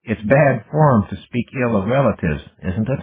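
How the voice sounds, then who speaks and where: Brief: man doing a childlike computer mind, raised and lively, slow wondering lines, tinny lo-fi audiobook recording. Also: mid-range voice, breathy edge, voice pushed up. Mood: musing. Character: young curious male computer intelligence.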